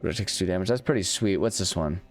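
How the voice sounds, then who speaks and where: Deep-voiced man rambling through a game. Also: fast talker, faint music behind. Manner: rambling, self-deprecating, many restarts. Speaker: let's-play host. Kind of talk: casual gameplay commentary.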